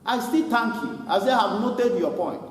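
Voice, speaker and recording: A man preaching a sermon as pastor, animated, laughing and imitating people as he goes. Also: very high voice, normal speed, a little hiss or hum. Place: church hall. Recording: echoey hall from far off.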